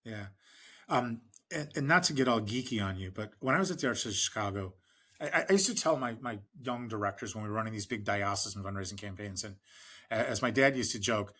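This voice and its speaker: Speaking fast in a low-ish, husky, fairly bright voice, this middle-aged man from the United States is a fundraising expert being interviewed on a podcast. His storytelling runs to long anecdotes full of fillers and restarts, with the people he quotes acted out.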